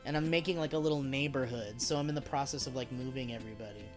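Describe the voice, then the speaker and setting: A man's voice: mid-range voice, fast, soft background music. A man chatting casually while live-streaming a video game, rambling, joking and swearing freely as he talks to his chat. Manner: rambling, profane, jokey.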